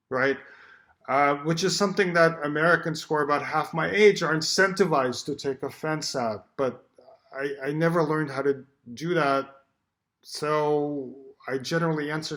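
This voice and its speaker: A middle-aged man from Russia giving a recorded talk as a poet, reflective and halting, with many fillers and restarts and some dry humor. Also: on the high side, lively intonation, fairly bright tone. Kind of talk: recorded symposium address. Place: Shanghai.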